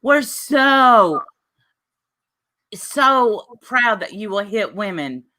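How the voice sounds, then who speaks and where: A woman's voice: medium pitch, animated, very slow, sharp tone. A woman streamer in a casual, teasing chat, laughing often and trash-talking.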